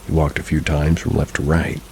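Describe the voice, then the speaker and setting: A man narrating scary reader-submitted stories in an even, measured reading. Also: rumbling low, gravelly, a little hiss or hum, rough recording. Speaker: horror story narrator.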